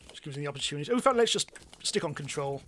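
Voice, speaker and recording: A man giving chatty, self-mocking live commentary as he streams a game, now and then bursting into excited yelps. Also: a little high, very fast, a little hiss or hum. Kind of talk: live let's-play commentary.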